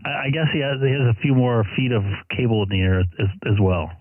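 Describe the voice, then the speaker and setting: A male ham radio operator hosting a live stream, chatting casually with callers and calling CQ in a relaxed, joking way. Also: mid-range voice, quick pace, no echo, narrow, tinny audio. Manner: relaxed, jokey, self-deprecating. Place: home radio station.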